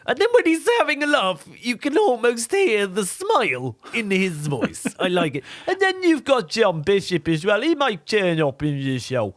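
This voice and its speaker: A man's voice: high voice, moderate pace, hardly any pauses, no room sound, clean studio sound. A man on a radio talk show, chatting about doing impressions and switching voices often. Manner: animated, jumps between voices. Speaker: impressionist comedian guest. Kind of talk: casual radio interview chat.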